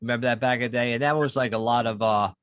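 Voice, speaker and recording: A man co-hosting a podcast, talking in casual chat and telling stories with heavy swearing and animated energy. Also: medium pitch, racing, clear, resonant tone, no echo. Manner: profane, animated storytelling. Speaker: podcast co-host.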